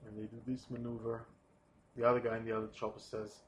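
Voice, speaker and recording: Non-native english guy talking through a storyboard pitch, halting, lots of uhs, faint hum behind. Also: monotone. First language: not English. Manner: hesitant, many pauses and fillers, soft-spoken. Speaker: storyboard artist pitching a film. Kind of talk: informal pitch narration.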